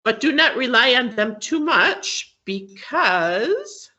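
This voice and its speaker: A woman's voice: on the high side, very animated, slow, pushed and bright, highs cut off. A woman teaching an English class, explaining patiently with many fillers and frequent checks for understanding. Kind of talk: classroom lesson on word stress.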